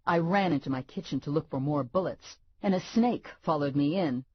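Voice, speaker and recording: A woman narrating a first-person audiobook in a wry, deadpan way. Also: low-pitched, moderate pace, slightly rough, no echo, lo-fi sound.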